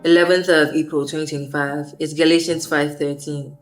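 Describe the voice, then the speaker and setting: Young woman, lowish voice, rambling, slangy faith vlog chatter, faint music underneath. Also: little pitch movement, brisk. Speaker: faith vlogger. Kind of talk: casual faith vlog monologue.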